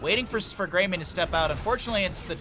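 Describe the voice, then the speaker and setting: Young male caster, slightly high voice, chatty and excitable, headset over faint game sounds. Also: racing, noisy background. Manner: chatty, jumps from banter to excited play-by-play. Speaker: esports caster. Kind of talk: solo game commentary.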